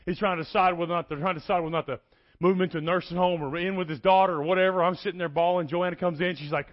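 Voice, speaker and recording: A middle-aged man, preaching an energetic, folksy sermon in a church and joking with the congregation. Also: high voice, rapid-fire, dull audio. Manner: folksy, animated, joking with the crowd.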